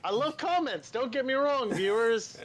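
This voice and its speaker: A man co-hosting a casual anime podcast, telling stories in a profane, animated way and laughing often. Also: extremely high pitch, normal speed, slight background noise. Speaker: podcast co-host.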